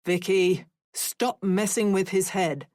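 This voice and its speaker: A woman's voice: mid-range voice, steady tone, slow pace, a little mellow, no echo, clean studio sound, close to an everyday voice. A woman voicing a brusque father who brushes off blame and turns defensive. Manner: brusque, dismissive. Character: gruff British father, dismissive and defensive.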